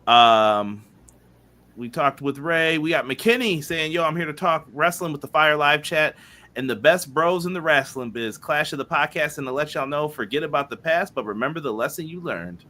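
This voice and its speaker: A man's voice: a little high, expressive, moderate pace. A man co-hosting a wrestling podcast, casually reading out viewer chat messages and greeting people by name. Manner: upbeat, reads chat messages aloud, shouts out viewers. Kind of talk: casual live-stream chat.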